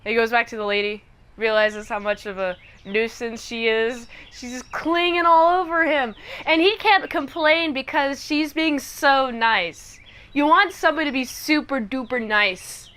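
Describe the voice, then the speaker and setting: Young woman, high voice, bright tone, animated casual recap, acts out the characters. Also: a little slow, clear, resonant tone. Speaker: reviewer.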